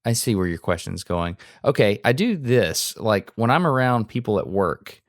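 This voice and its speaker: A man's voice: lowish voice, sing-song, normal speed, no echo, studio quality. A man with a Southern US accent co-hosting a podcast, talking in an earnest, self-deprecating way and laughing easily. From Alabama, US. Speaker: podcast co-host. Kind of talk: casual conversation.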